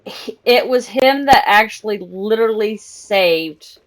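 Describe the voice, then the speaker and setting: A young woman streaming live, chatting excitedly and telling stories while she plays a game. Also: medium pitch, a little slow. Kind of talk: casual gaming stream chat.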